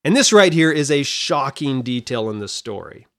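A middle-aged man hosting a Bible study podcast, talking in an animated, chatty way that wanders off on side points. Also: mid-range voice, normal speed. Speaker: podcast host and Bible teacher.

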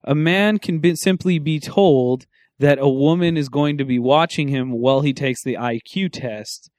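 A man co-hosting a podcast in casual chat, rambling and animated, correcting himself as he goes. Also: a little high, moderate pace, no echo, studio quality. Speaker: podcast co-host.

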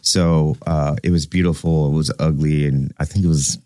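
A man's voice: a bass voice, fairly even intonation, moderate pace, dark tone, no room sound, clean studio sound. A man in his thirties co-hosting a podcast, talking candidly in a casual way, swearing freely and often restarting his sentences. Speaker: podcast co-host.

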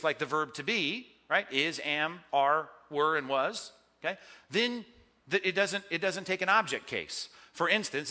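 Pastor guy teaching greek grammar, super bright voice, kinda high, emphatic, cracks little jokes. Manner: emphatic, joking asides, rhetorical "okay?" and "right?". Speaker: pastor teaching a Bible class.

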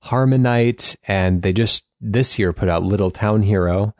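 A man chatting casually as a podcast co-host, rambling a little and laughing softly. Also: lowish voice, measured pace, dry recording, studio quality. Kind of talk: casual chat.

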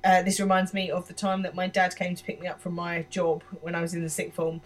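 A woman's voice: lowish voice, completely flat delivery, quick pace, far from the mic. A woman from England co-hosting a podcast, retelling a TV episode and sharing a story from her school days, laughing often. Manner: laughs often, quotes characters while retelling. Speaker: podcast co-host. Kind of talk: casual recap of a TV episode.

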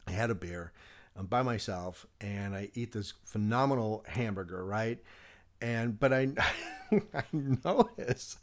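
A man's voice: on the low side, measured pace. A man telling a long personal story in a casual chat, rambling with many restarts and fillers, often laughing as he talks.

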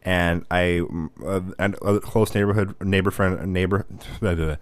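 A man's voice: deep voice, fairly even intonation, normal speed, dry recording. A man in his thirties chatting casually on a podcast, telling a rambling, profane story.

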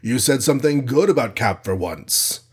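A man reading aloud and voicing a giant male superhero who rumbles his teasing lines. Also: animated, normal speed, darkish tone, breathy edge. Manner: rumbling, half accusing.

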